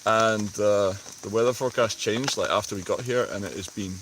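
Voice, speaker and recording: A Scottish vlogger speaks a little fast in a lowish, fairly bright voice while live-streaming under a tarp in a rainy forest at night. Chatty and a bit tipsy, he laughs readily. The rough recording carries faint rain hitting the tarp.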